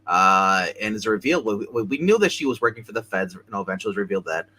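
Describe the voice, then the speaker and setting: A man's voice: lowish voice, animated, sharp tone, husky, poor audio. Rambling man recapping a TV episode. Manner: rambling, halting, many restarts. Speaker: show co-host.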